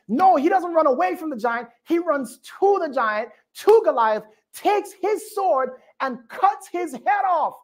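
A male pastor preaching a sermon, telling the story with lively call-and-response to the congregation. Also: extremely high pitch, unhurried, hardly any pauses.

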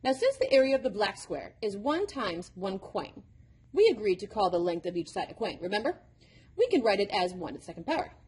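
A woman's voice: medium pitch, very animated, a little fast, a little mellow, slightly rough. A woman voicing an impish, impatient male number devil who lectures like a know-it-all, in a storybook reading. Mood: lecturing.

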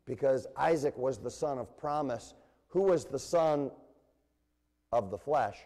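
A man preaching a sermon to his congregation, animated and engaging them with questions. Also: medium pitch, measured pace. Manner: animated preaching with call-and-response and playful voices. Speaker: pastor. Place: church sanctuary. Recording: long reverb of a church hall.

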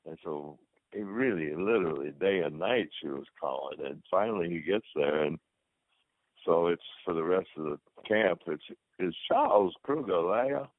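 A retired football player, an older man with a low voice, tells rambling anecdotes at a moderate pace as an interview guest, acting out the dialogue in casual storytelling. The recording is dry and lo-fi, like a phone line.

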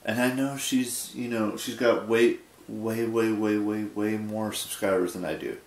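A man in his twenties talking casually in a late-night vlog, sleepy and rambling, with halting restarts. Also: lowish voice, steady tone, roomy sound. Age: 20s. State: sleepy, yawning. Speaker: vlogger.

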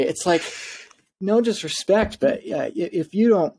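A man's voice: high voice, normal speed, darkish tone, a little hiss or hum. A man speaking as a podcast guest, emphatic and insistent, stumbling over his words in his rush to make his point. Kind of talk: podcast interview talk.

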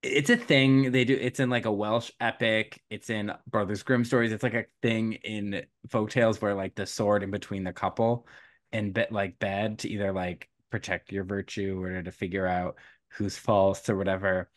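A young man hosting a podcast, casually retelling a folktale with lively quoted voices, laughs and fillers. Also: on the low side. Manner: animated storytelling, quick quoted voices, frequent laughs and fillers. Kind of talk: casual chat.

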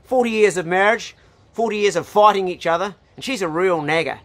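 A man's voice: high-pitched, fairly quick, no room sound. A middle-aged man with a New Zealand accent, telling jokes and chatting casually in an outdoor vlog as he works on a house truck. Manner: folksy storyteller, drops into put-on voices for joke characters. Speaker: vlogger.

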